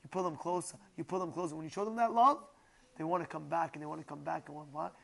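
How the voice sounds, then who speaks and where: A high-pitched man teaches a religious class. He tells his story emphatically and repeats key phrases to drive them home. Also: fairly even intonation, quick pace, vocal fry, fairly bright tone. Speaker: Torah teacher.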